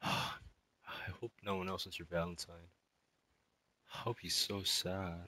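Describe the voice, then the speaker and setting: Low husky guy, distraught, rambling on with lots of sighs and likes. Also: level tone, sharp tone, no echo, poor audio. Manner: rambling, halting, full of sighs and fillers. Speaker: student. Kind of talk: emotional spoken monologue to a girlfriend.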